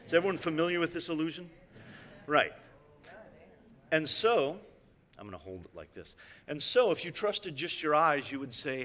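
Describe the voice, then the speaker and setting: Male illusionist on stage, crisp bright voice, wry chatty delivery, long hall reverb. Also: fairly high pitch, sing-song, moderate pace, pauses often. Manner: chatty, wry, addresses the audience directly with frequent asides. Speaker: illusionist giving a talk. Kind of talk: conversational stage presentation.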